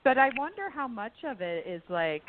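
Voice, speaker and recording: A woman guest healer chatting candidly about spiritual matters, laughing often and swinging her pitch animatedly. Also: big pitch swings, normal speed, noisy background. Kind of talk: casual spiritual discussion. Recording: tinny phone-like line.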